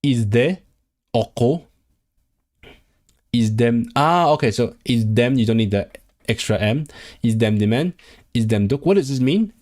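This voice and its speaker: A man streaming himself as he studies a language, drilling phrases aloud in a halting, repetitive self-talk. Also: mid-range voice, lively intonation, darkish tone. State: sore throat. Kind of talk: casual livestream study session.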